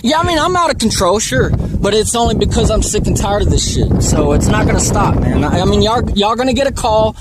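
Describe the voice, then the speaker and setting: A man's voice: high-pitched, animated, brisk, few pauses, heavy background noise. A man at a remote outdoor camp arguing heatedly with a deputy, rambling, swearing and stammering over his words, filmed on a handheld phone. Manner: agitated, rambling, profane, stammers and repeats words. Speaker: vlogger filming a police encounter. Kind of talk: heated confrontation.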